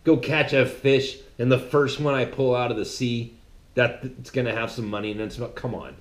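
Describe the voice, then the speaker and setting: A man's voice: mid-range voice, steady tone, normal speed. A man delivering a sermon-like monologue in a mocking, conversational way. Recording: roomy echo.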